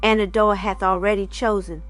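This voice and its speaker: Sad steadfast young hunter, quiet old-fashioned speech, read by a woman. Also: mid-range voice, steady tone, moderate pace, faint music behind, lightly acted.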